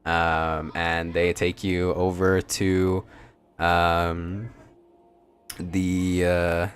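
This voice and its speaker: A man narrating as game master, halting often with ums and uhs. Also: sits low, completely flat delivery, clean tone.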